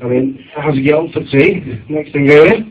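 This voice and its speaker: A man, performing a stand-up routine on a comedy club stage and acting out shouted quotes. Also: fairly high pitch, normal speed, noisy background. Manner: lively storytelling, acts out shouted quotes. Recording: dull lo-fi club recording.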